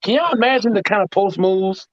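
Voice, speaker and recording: A man's voice: high-pitched, fairly quick, dry recording. A man co-hosting a casual sports debate, hammering away with repetitive, profane rhetorical questions. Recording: dull, slightly muffled audio.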